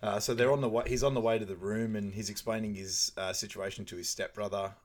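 A man's voice: lowish voice, steady tone, fast talker. A man co-hosting a podcast, retelling film scenes in casual chat with quoted lines and frequent laughs. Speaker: podcast co-host.

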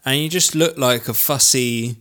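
A man's voice: medium pitch, moderate pace, a bit bright. A young man co-hosting a podcast in a studio, telling a story in a teasing, mock-aggrieved way. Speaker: podcast co-host. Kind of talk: casual chat.

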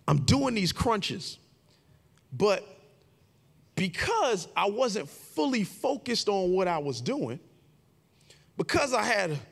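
Animated, gravelly man preaching in a hall. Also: high-pitched. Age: 40s. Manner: animated storyteller, shouts and squeals for his own quoted voice. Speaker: pastor. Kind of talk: sermon with personal storytelling.

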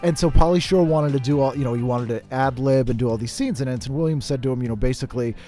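A man co-hosting a podcast, relaxed and easygoing, telling stories in casual chat. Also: medium pitch, fast, faint music behind. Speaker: podcast co-host.

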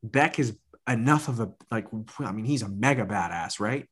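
A man's voice: fairly low pitch, expressive, normal speed, a bit bright, slightly rough. A man co-hosting a casual podcast, talking with slangy enthusiasm and frequent restarts. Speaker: podcast co-host.

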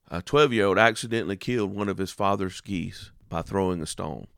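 A man preaching a radio sermon, with dramatic swings in pitch and slow, drawn-out phrases. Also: fairly bright tone, no room sound, studio quality.

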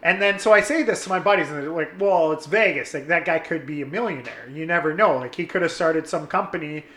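A young man telling a story in casual chat, animated and swearing, acting out his friends' lines. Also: on the high side, fast, echoey room.

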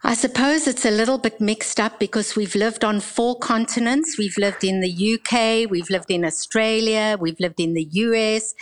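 A woman's voice: on the high side, normal speed, few pauses. A woman with a South African accent, a podcast guest who laughs easily.

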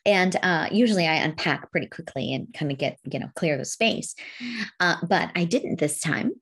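A middle-aged woman telling a story in casual chat, giggly and expressive, laughing through her lines. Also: fairly low pitch, moderate pace, breathy edge.

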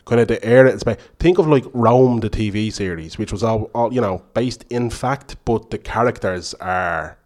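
An Irish man co-hosts a chat podcast with a voice on the lower side. He talks bluntly and trades banter freely with his co-host. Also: moderate pace, hardly any pauses, a little mellow. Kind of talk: casual chat.

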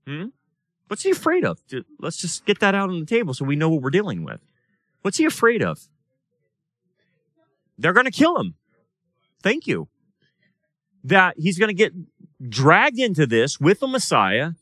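Teaching a Bible study in a church or study room, a male pastor gives a casual sermon, questioning the class and acting out the voices in quoted dialogue. He speaks at a moderate pace in a bright, forceful, rather high voice with huge pitch swings, and there's no room sound.

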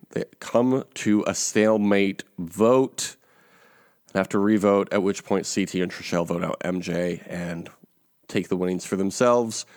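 A man's voice: lowish voice, a little mellow, no room sound, studio quality. A male podcast co-host in casual chat, wry and laughing often, trailing off with ums as he recaps a reality show.

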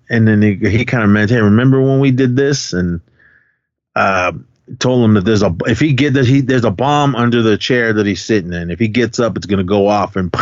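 A man's voice: lowish voice, dry recording. Guy rambling through a movie recap, lots of ums, dull dry lo-fi sound. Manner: rambling retelling with many fillers and acted-out quotes. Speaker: podcast co-host. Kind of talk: casual film recap chat.

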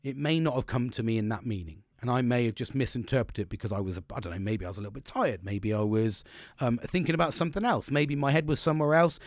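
A man's voice: medium pitch, quick pace, dry recording, clean studio sound. A middle-aged man hosting a podcast, talking bluntly and casually, swearing often and rambling with restarts. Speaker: podcast host.

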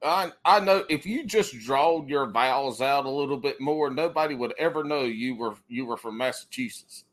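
A man's voice: medium pitch, fairly bright tone. A man, a podcast host talking in loose, profane, rambling casual chat. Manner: rambling, profane, quick to laugh.

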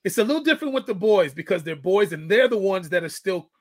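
A man's voice: sits high, lively intonation, fast, no echo. A middle-aged man and father telling a parenting story in casual chat, acting out the quoted lines. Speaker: guest, fitness coach and father.

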